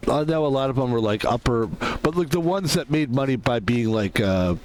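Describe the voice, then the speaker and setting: Chatty man with bouncy pitch. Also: expressive, normal speed, slight background noise. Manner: rambling, laughing, joking asides. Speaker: streamer. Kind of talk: casual gameplay commentary.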